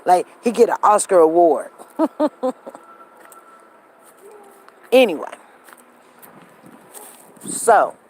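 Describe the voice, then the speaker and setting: Telling a story to her live viewers, a woman in her fifties gets animated and performs the other characters' lines herself. Her voice sits on the low side, and she speaks extremely slowly with long pauses, over poor audio.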